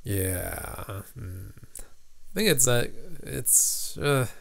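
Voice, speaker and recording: A man's voice: on the low side, animated, extremely slow, gravelly, dry recording. A man hosting a casual livestream, reading viewer comments and thinking aloud with lots of fillers. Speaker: livestream host, app developer.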